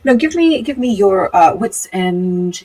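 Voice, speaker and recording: A woman running a tabletop role-playing game as game master, narrating in a relaxed way with lots of ums and uhs. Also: mid-range voice, a little slow, slight background noise, poor audio. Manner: relaxed, hesitant with many fillers.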